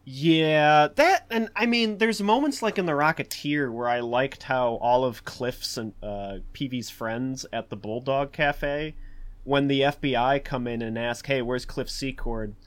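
A man leads a relaxed film discussion in an ordinary, mid-range voice. He rambles through fillers and restarts, then turns animated. His delivery is loose and conversational. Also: medium pitch, unhurried, clean tone. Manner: animated, acts out quotes in a raised voice. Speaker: podcast host.

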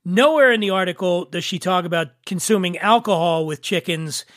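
A man hosting a podcast in casual chat, jovial and quick to laugh. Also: high voice, a bit bright, dry recording, clean studio sound. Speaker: podcast host.

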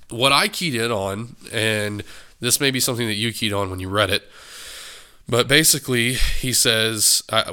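A man's voice: on the low side, pushed and bright, clean tone. A man hosting a book club podcast alone, talking casually about a book with a stuffed-up nose, often correcting himself and joking along the way. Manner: rambling, self-correcting, joking. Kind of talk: casual solo podcast commentary.

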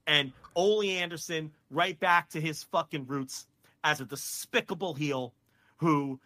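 A man co-hosting a podcast, ranting with heated, profane excitement in casual chat. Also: a little high, a little slow. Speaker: podcast co-host.

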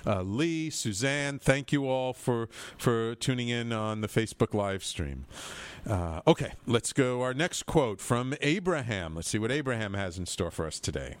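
A man's voice: medium pitch, expressive, normal speed, dry recording. A man hosting an internet radio show, talking in an enthusiastic, rambling way with plenty of fillers and restarts. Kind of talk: casual radio talk with read quotes.

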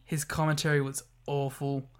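A man's voice: fairly high pitch, little pitch movement, normal speed, clean tone. Joking, swearing podcast man. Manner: joking, laughs often, swears. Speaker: podcast co-host. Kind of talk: casual wrestling recap chat.

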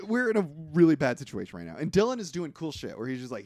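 A man's voice: a little high, quick pace, dry recording, studio quality. A man co-hosting a casual podcast, retelling a movie plot with lots of acted-out quotes and frequent laughter. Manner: animated storytelling, laughs often, acts out quotes. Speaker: podcast co-host. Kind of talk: casual movie recap chat.

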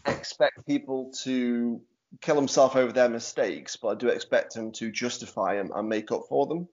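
A man with a Stoke-on-Trent accent hosting a podcast in casual chat, chatty and quick to laugh. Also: medium pitch, a little mellow. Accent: Stoke-on-Trent English. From Stoke-on-Trent, England. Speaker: podcast host. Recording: dull lo-fi audio.

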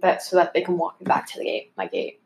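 A woman's voice: fairly low pitch, sing-song, fast talker, vocal fry, a little mellow. A young woman co-hosting a casual podcast chat, talking with lots of fillers and trailing off. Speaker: podcast co-host.

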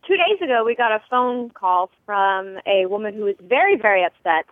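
A woman's voice: medium pitch, animated, moderate pace, no room sound. A woman leaving a chatty voicemail and telling stories, acting out other people's voices as she goes. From Nashville, United States. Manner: chatty storyteller who acts out voices. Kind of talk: voicemail message. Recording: tinny dry phone line.

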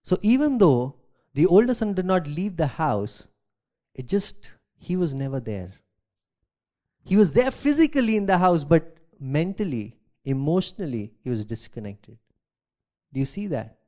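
A man, a pastor, preaching a sermon, reading scripture aloud and asking rhetorical questions, swinging from loud emphasis to quiet asides. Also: on the high side, very animated, unhurried. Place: church.

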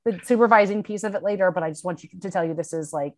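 A middle-aged woman chatting as a podcast guest, telling a lively story and acting out quoted lines, with casual swearing. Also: fairly low pitch, very fast. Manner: animated, acts out quoted dialogue, swears casually.

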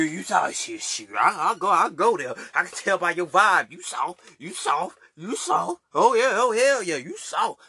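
A man's voice: on the high side, sharp tone, dry recording, clean studio sound. A man ranting casually to his viewers, mocking people and laughing often, repeating himself. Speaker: vlogger. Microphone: desk mic.

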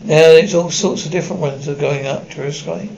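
A man reading the lines of a gruff small-town villager, delivered plainly and a little quietly with a few stumbles. The voice sits somewhat high for a man, with a faint hiss behind it. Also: steady tone, a little fast, highs cut off. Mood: matter-of-fact.

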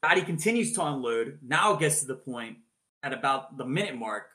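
A man on a podcast retelling a boxing match blow by blow, animated and swearing freely. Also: mid-range voice, brisk. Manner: animated, swears freely, acts out announcers' shouted calls. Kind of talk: casual storytelling chat.

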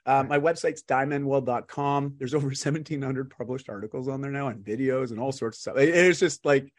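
A man, a guest coach, talking in an animated, upbeat way and laughing often in a casual interview. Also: medium pitch, a little fast. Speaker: guest, fitness and lifestyle coach. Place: home in Vancouver, remote call.

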